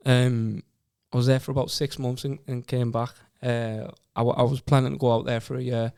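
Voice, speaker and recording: This Teesside-accented podcast guest, in his twenties and from Stockton-on-Tees, England, shares his story in a relaxed, sincere way, frequently repeating words. His medium-pitched voice is fairly quick and flat in pitch, slightly mellow, clear and resonant with vocal fry, captured in echo-free studio quality.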